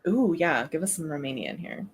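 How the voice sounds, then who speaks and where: A woman's voice: low-pitched, sing-song, brisk, husky. A woman in casual chat who laughs easily and reads aloud in a playful way. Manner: giggly, playful. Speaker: co-host.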